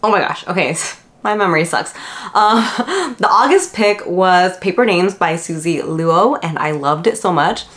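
A woman's voice: lowish voice, expressive, measured pace, a bit bright. A young woman with a lisp from her retainers, chatting casually in a book vlog with lots of fillers. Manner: lisping from retainers; chatty, rambling with many fillers. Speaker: book vlogger. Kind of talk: casual chat.

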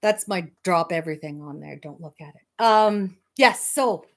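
Hosting a fiber arts livestream, this Canadian woman from Manitoba rambles in casual conversation with her viewers, laughing frequently. She has a fairly low pitch and speaks at normal speed.

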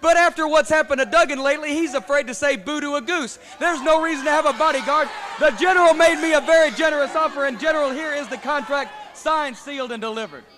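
A man's voice: very high-pitched, quick pace, hardly any pauses, noisy background. A man acting as a wrestling manager, smug and sneering in a promo.

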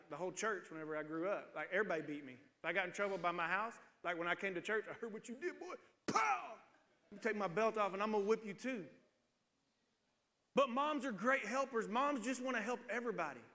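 A man's voice: sits high, bright, forceful tone, long reverb tail. A man in his forties, a pastor preaching a sermon with humorous storytelling. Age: 40s. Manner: humorous storytelling, acts out voices. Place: church sanctuary.

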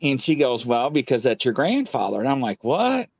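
As a guest, a middle-aged police captain spins a casual, meandering tale packed with filler "uh"s, his creaky, husky voice sitting at a typical male pitch and sounding dry without room echo. He's animated, leaping sharply higher in pitch each time he performs a quoted line.

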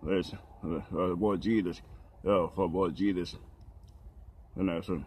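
A man talking haltingly about the Bible, with many pauses, fillers and restarts. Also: deep voice, fairly even intonation, darkish tone, a little hiss or hum.

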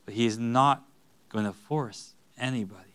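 Pastor, male, preaching in church; crisp, bright voice, earnest and emphatic. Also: mid-range voice, normal speed. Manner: earnest, rising to emphatic bursts. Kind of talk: sermon.

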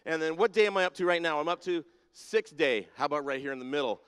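A man with a fairly high, slightly bright, clean voice talks quickly as he runs a playful audience-participation segment. He teases members of the congregation and calls them down by name, and his words echo with the long reverb of a big sanctuary that has a balcony and spotlights.

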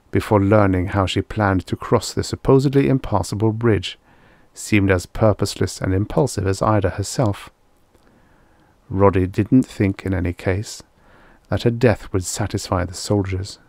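Low-voiced man reading a story. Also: gravelly, darkish tone, dry recording. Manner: measured storytelling. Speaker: audiobook narrator. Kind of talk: audiobook reading of vintage science fiction.

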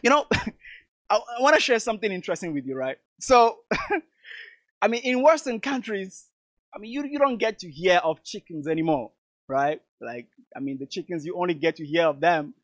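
A man's voice: high voice, expressive, moderate pace, no echo. A man from Togo, giving an emphatic motivational speech and calling his audience "lovely people". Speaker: motivational speaker.

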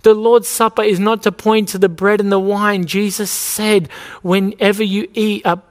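Male preacher with a high voice, earnest, rhetorical delivery; church hall reverb. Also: level tone, moderate pace. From Australia. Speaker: pastor. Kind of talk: sermon. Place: church sanctuary.

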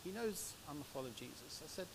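English guy preaching in church, chatty storyteller, slightly high voice, hissy recording. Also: fast, creaky. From England. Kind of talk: sermon with personal stories. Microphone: microphone. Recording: steady background hiss.

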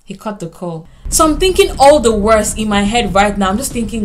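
An earnest young woman tells a personal story straight to the camera. Her voice climbs high and urgent when she quotes what she said, and soft music plays faintly behind her. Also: animated, fairly quick, hardly any pauses. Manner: earnest, urgent retelling, rising pitch when quoting herself. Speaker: vlogger. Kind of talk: storytime vlog.

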